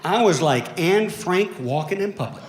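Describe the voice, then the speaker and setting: A man from Alabama with a Southern accent performing a deadpan, self-mocking stand-up comedy set on stage. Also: sits high, normal speed, echoey room, a crowd in the background, background noise. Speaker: lawyer doing stand-up. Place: comedy stage before a live audience.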